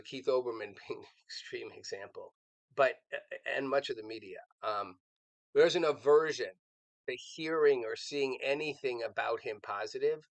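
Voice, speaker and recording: A man talks earnestly through political commentary on a live show. His voice sits at an ordinary middle pitch, and he rambles, restarting sentences and repeating words as he thinks aloud. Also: creaky, no room sound, low-quality recording.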